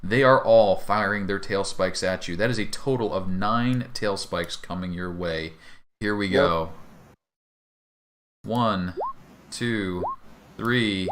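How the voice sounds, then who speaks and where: A man's voice: low-pitched, slow, pauses often, fairly bright tone, slight background noise. A man running a tabletop game as dungeon master, with upbeat, playful narration.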